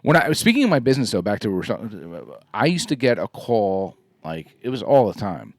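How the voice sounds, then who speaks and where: A man's voice: lowish voice, very animated, moderate pace, no room sound, studio quality. A man co-hosting a podcast in casual chat, agreeable and inclined to repeat himself. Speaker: podcast co-host.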